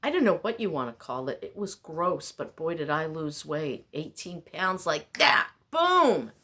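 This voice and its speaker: A woman's voice: deep voice, lively intonation, normal speed, a bit bright, husky. A woman vlogger delivering a rambling, exasperated, self-mocking monologue.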